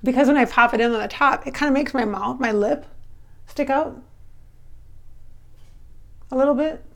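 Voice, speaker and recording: A chatty, giggly woman with slightly blurred S sounds from clear braces, talking casually to camera from home as a medium. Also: sits high, moderate pace. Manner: chatty and giggly, many fillers and restarts. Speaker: spiritual medium and channel host.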